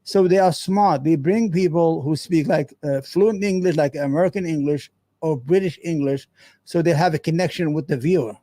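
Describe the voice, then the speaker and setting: A man's voice: fairly high pitch, moderate pace, dark tone, dry recording. A man hosting a show, giving heated, profane, rambling commentary on a news clip. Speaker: show host.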